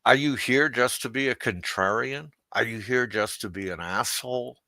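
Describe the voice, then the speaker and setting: A man's voice: mid-range voice, normal speed, bright, forceful tone, dry recording. A man hosting an unscripted livestream rant, crude and mocking, laughing at his own jokes. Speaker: livestream host.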